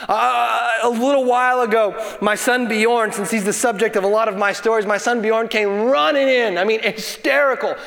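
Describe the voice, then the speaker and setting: A man's voice: very high-pitched, fairly even intonation, normal speed, gravelly, few pauses, a bit bright. A pastor in his thirties preaching a sermon, building to emphatic bursts and telling family stories. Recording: long hall reverb.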